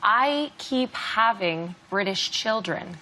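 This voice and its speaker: A woman's voice: mid-range voice, lively intonation, slow pace, a little hiss or hum. A female comedian on a panel show, sly and teasing. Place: TV studio with live audience. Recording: loud studio audience.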